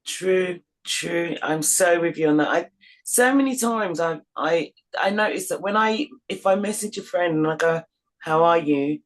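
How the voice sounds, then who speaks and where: A woman's voice: lowish voice, normal speed. A woman hosting a podcast, agreeing with her guest and sharing her own habits in a casual conversation. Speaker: podcast host.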